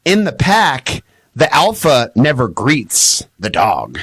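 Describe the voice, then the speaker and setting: A man talking as a dog trainer guest on a studio podcast, animated and explaining with acted-out examples. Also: slow pace, slightly rough, no echo. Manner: animated, acts out high excited voices when quoting owners. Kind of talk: podcast interview.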